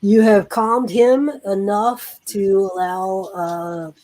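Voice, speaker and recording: A woman narrating as game master, unhurried and hesitant, with many fillers. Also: medium pitch, fairly even intonation, mellow, rough recording.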